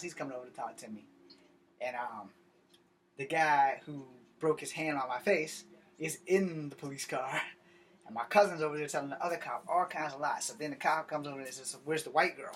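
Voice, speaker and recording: A young man telling a story in a brash, profane, animated way, acting out the voices of the people in it. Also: on the high side, brisk, slight background noise. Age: young adult. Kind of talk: casual storytelling monologue.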